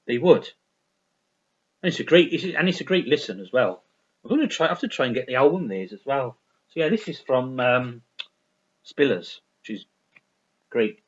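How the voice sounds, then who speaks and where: A man chatting casually about records he bought, rambling and repetitive, swearing freely and full of enthusiasm, on a lo-fi recording. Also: on the high side. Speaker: vinyl record reviewer. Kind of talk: casual unscripted chat.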